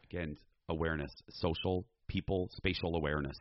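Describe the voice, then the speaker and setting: Sassy low-voiced man chatting. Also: brisk, no room sound, highs cut off. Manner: animated, campy, sassy asides. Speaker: podcast co-host. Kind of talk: casual chat.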